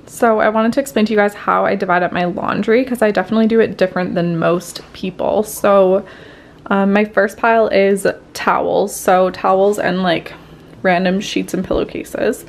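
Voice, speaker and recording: A woman's voice: mid-range voice, fairly even intonation, moderate pace. A woman vlogging cleaning tips in a chatty, step-by-step way with lots of fillers, a little out of breath as she cleans. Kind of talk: casual tips while cleaning.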